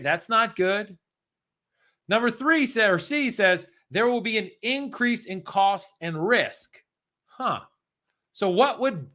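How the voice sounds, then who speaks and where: An American man running a live-streamed exam prep lesson, chatty and energetic, reading out practice questions and answering viewers in the chat. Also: sits high.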